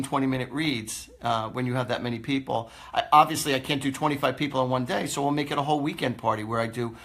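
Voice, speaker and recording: A man's voice: medium pitch, fairly bright tone. A man, a psychic host chatting casually on a live stream, rambling and laughing often.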